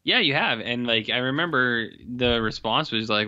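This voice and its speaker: A man's voice: medium pitch, moderate pace, pushed and bright, no room sound, lo-fi sound. A man co-hosting a podcast, asking teasing, wry questions in casual chat. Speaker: podcast co-host.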